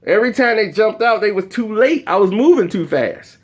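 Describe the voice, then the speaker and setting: A man telling a comedic story in an animated way, acting out the voices of the people in it. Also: high voice, brisk.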